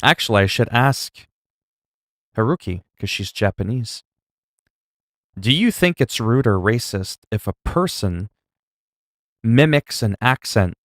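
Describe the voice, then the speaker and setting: A man's voice: fairly low pitch, dry recording, studio quality. A man livestreaming and chatting casually while gaming, opinionated and rambling, swearing freely.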